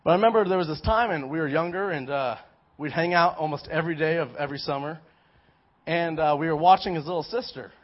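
A young man giving a casual sermon, telling a personal story in an animated way with many restarts. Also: on the high side, fast. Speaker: preacher. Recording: dull lo-fi recording.

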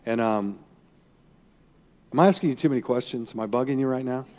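Pastor guy preaching, rambly folksy storytelling, middle-pitched voice, long hall echo. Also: fairly quick, darkish tone. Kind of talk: sermon.

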